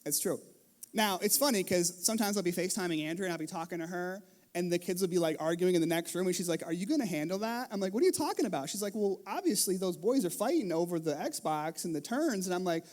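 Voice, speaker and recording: A middle-aged man, a pastor, preaching a sermon in a lively storytelling manner, acting out scenes from his family life. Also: high-pitched. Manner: animated storytelling, acts out his kids and himself. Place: church stage.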